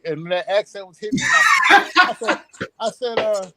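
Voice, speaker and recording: A man hosting a casual talk show, telling stories in an animated way and repeating himself as he goes. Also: high-pitched, normal speed, heavy background noise. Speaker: show host. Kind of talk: casual chat about current events.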